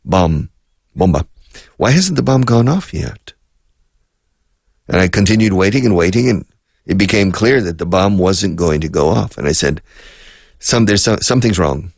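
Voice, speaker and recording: Man, radio English teacher, deep voice, gravelly, rambling storyteller. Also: animated, moderate pace, pauses often, dry recording. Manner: rambling anecdotes, explains phrases.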